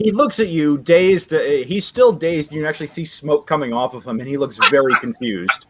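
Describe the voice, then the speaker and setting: A man's voice: a little high, normal speed, very noisy. A man acting as dungeon master in a live online tabletop game, talking loosely with many restarts and laughs.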